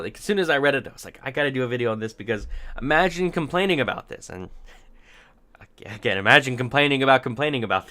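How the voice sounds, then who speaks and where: A commentary vlogger gives unscripted opinions, thinking aloud in rambling sentences full of restarts and dry, sarcastic asides. His voice is a little high with a sharp tone.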